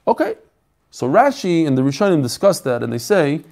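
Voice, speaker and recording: Man giving a quick Talmud class. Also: on the high side, sing-song, creaky, darkish tone. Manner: explains with questions and answers, repeats phrases; mixes Yiddish-flavored terms into English. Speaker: Talmud teacher. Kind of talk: daf shiur, teaching aloud.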